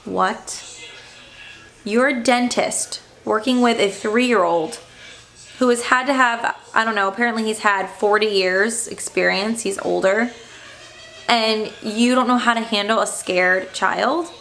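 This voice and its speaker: Uma mãe jovem que narra num vlog casual uma ida difícil ao dentista, em tom indignado e aflito, com muitas hesitações. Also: female voice, a little high, a little slow, vocal fry, a bit bright. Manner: upset, indignant retelling with fillers. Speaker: stay-at-home mom vlogger.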